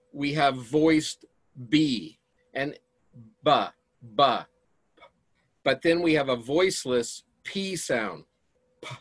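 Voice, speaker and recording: Male instructor, slow lecture pace, explanatory, dry close sound. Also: medium pitch, a bit bright, no room sound. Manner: slow, explanatory, addresses students directly. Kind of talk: recorded lecture.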